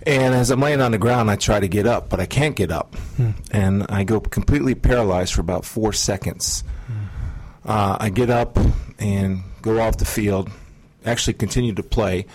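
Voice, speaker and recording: A middle-aged man earnestly recounting a personal testimony in an interview, measured and pausing often. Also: on the low side, darkish tone, slightly rough. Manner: earnest, measured storytelling with frequent pauses. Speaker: guest sharing testimony.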